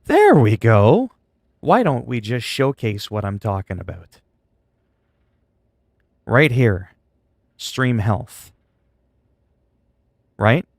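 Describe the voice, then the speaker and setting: A man's voice: medium pitch, expressive, extremely slow, vocal fry, long pauses, dry recording. A man livestreaming from his computer, venting in a frustrated, sarcastic way during casual stream chat.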